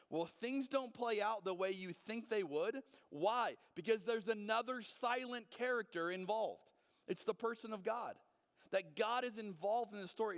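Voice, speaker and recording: Earnest pastor, slightly high voice, hall echo. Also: male voice. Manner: earnest, conversational, frequent restarts and stammered repeats. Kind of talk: sermon. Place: church sanctuary.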